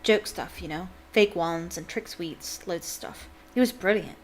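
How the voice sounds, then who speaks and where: A woman voicing a wry teenage boy who talks in a quiet, offhand way. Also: on the low side, measured pace, slight background noise, close to an everyday voice, rough recording. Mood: chatty.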